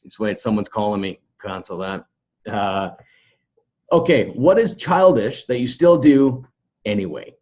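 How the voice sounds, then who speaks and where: A man's voice: lowish voice, animated, unhurried, a little mellow, highs cut off. A man hosting a podcast in casual interview chat, laid-back and laughing easily. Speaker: podcast host.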